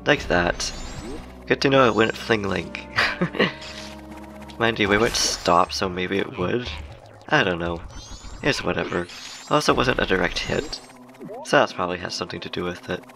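Giggly gravelly-voiced man with game music. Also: deep voice, lively intonation, a little slow, long pauses, pushed and bright. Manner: chatty, giggly, rambling. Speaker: gaming YouTuber. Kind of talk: casual let's-play commentary. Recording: game music playing under the voice.

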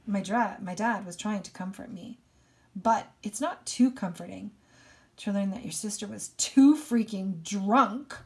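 A woman teacher reading a novel aloud with expression, in a voice of ordinary pitch. She pauses now and then to comment on a passage and explain it to her students. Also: a little mellow. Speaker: English teacher.

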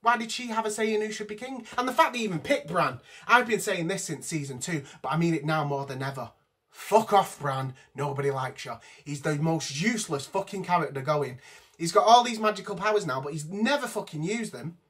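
A man's voice: on the high side, a little fast, fairly bright tone, breathy edge. A man giving an exasperated, profane rant reviewing a TV episode from his notes. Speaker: vlogger. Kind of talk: ranting TV review.

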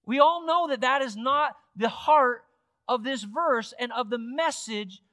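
High, bright-voiced male preacher. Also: unhurried, no room sound, studio quality. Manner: emphatic, repeats phrases for effect. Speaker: pastor. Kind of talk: sermon. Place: church.

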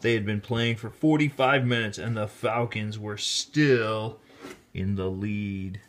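A man teacher reading a children's picture book aloud, animated and rising to high excited shouts at the exciting parts. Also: slow pace, a little hiss or hum. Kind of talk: children's storybook read-aloud.

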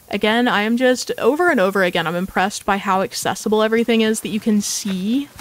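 Woman, gaming host, casual tour commentary, bubbly, gushing. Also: medium pitch.

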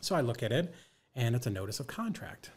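A man's voice: medium pitch, big pitch swings, fairly quick, slightly rough. A middle-aged man, a guest on a talk show, casually telling a story, acting out both sides of the dialogue, swearing freely and saying "like" a lot. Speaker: podcast guest, real estate investor.

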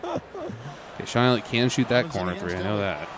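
Brief: male gamer with a bouncy, expressive voice, playful, over game crowd noise. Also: medium pitch, normal speed. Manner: playful teasing, mock British exclamations. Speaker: co-host playing a basketball video game. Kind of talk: casual let's-play chat. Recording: game crowd audio underneath. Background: video game arena crowd.

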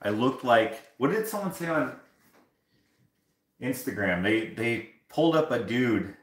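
A man chatting live while doing dishes. He tells a rambling story in a loose, animated way and slips into the voices of the people in it. His voice sits in the middle of the range, and the kitchen around him rings with echo. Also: mid-range voice, measured pace. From Canada. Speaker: live streamer. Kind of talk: casual storytelling on a livestream. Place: home kitchen, washing dishes.

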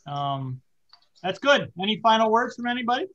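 A man's voice: sits high, big pitch swings, fairly quick, a bit bright, highs cut off. A man hosting a casual podcast chat, rambling with many fillers and hesitations. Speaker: podcast host.

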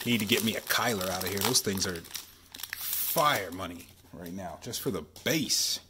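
A man, chatting excitedly while opening sports card packs at home and keeping his voice down. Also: low voice, moderate pace, background noise. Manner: excited, chatty, says y'all often; keeping voice down while kid sleeps. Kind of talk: casual card-opening vlog. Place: home, at night.

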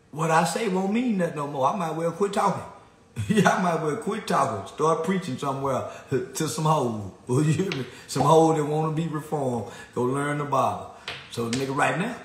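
A man ranting boastfully into his phone camera outdoors in the sun, taunting and laughing as his voice swings loud and high. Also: normal speed, roomy sound. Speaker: internet personality. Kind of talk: boastful selfie vlog rant.

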